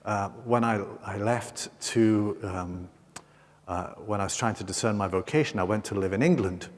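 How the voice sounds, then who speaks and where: A priest with a Scottish accent gives a homily at Mass, telling a story in a meandering way with many fillers and self-corrections. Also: male voice, lowish voice, moderate pace. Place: large cathedral. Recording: long cathedral reverb.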